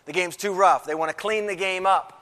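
Male pastor, slightly high voice, emphatic sermon delivery, church hall with long reverb. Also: a little fast, sharp tone. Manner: emphatic preaching with repeated phrases. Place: church sanctuary.

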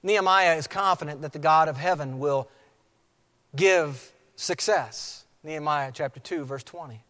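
A man preaching a sermon as pastor, with emphatic delivery that slows to repeat key phrases. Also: a little high, a bit bright. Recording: long hall reverb.

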